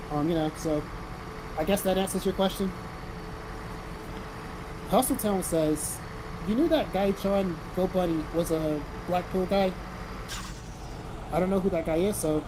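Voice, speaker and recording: Reading chat aloud on a laid-back livestream, this high-voiced man from South Carolina answers viewers bluntly and swears freely. Background noise runs under the recording.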